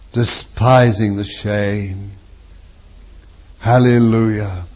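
A man preaching a sermon with fervour, his voice moving from near hushes to strong, drawn-out exclamations. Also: mid-range voice, animated, slightly rough, muffled recording. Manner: fervent, swinging from soft to loud, drawn-out phrases.

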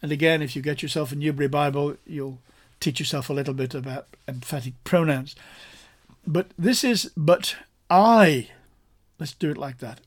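A man's voice: on the high side, a little fast, breathy edge. A man preaching a sermon, explaining a passage point by point in an earnest, emphatic way that repeats key phrases. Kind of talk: sermon teaching.

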